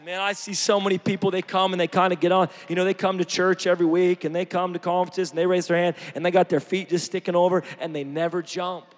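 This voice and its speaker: Male preacher, fairly high voice, animated and joking, heavy hall reverb. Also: fast talker, hardly any pauses. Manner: animated, joking, shifts from shouting to quiet. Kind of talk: energetic sermon.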